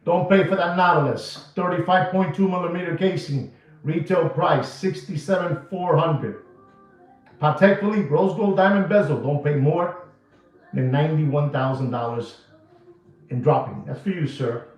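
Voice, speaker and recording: A man's voice: high voice, animated, moderate pace. A man giving blunt watch market updates in repetitive street talk, dropping in Spanish slang. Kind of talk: casual video talk. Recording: very echoey room, distant mic, dull sound, faint music.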